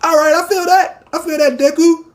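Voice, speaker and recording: A man hosting a casual comic-reaction talk, excitable and quick to swear and shout his reactions. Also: very high-pitched. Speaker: manga reaction host.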